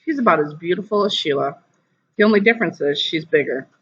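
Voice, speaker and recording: A teacher reading a children's novel aloud to a class over a video call, lively and putting on voices. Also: mid-range voice, fast talker, muffled recording, a little hiss or hum. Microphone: computer mic on a video call.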